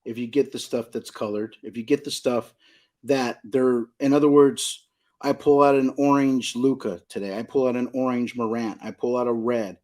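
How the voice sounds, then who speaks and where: A man's voice: mid-range voice, fairly even intonation, moderate pace, a little mellow. A middle-aged man from Southern California, a card shop owner, talking emphatically as a podcast guest and repeating his points. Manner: emphatic, repeats points, asks "you know what I mean?". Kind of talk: casual podcast conversation.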